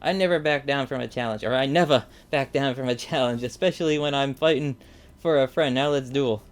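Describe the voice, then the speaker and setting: A man's voice: medium pitch, fairly quick, soft background music, natural voice. A man reading as a brash young duelist. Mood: defiant. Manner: reading game dialogue aloud, earnest.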